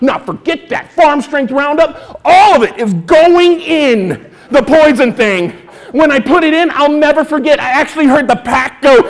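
A male stand-up comedian telling a story to an audience, acting out his own lines and now and then shouting them. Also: very high voice, expressive, a little slow, creaky.

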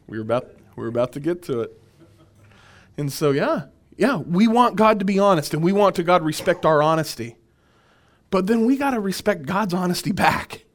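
A minister leads a relaxed Bible workshop with an animated delivery. His man's voice sits a little high, and he often laughs lightly and says his point twice. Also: moderate pace. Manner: animated, chuckling, repeats key phrases. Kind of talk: conversational Bible teaching.

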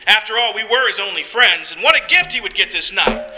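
A man's voice: high-pitched, expressive, fairly quick, sharp tone, slight background noise, low-quality recording. A man narrating a first-person story in an earnest, heartfelt way.

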